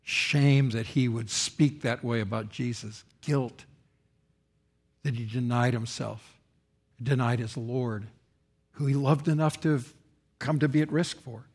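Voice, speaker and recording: A male pastor delivers a sermon in a voice of middle pitch. He shifts his volume a lot, rising loud for emphasis and falling soft and solemn. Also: a little slow, pauses often, slightly rough. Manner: expressive preaching, rising loud for quoted speech and dropping soft for solemn lines.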